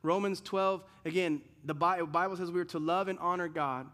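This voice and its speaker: High-voiced man preaching a sermon. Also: steady tone, normal speed, fairly bright tone. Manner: earnest, repetitive, with frequent restarts and rhetorical questions. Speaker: pastor.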